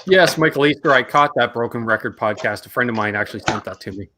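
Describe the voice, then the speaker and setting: A Canadian man hosting a casual live-stream chat, animated and jokey with quick asides. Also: medium pitch, background noise. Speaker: host.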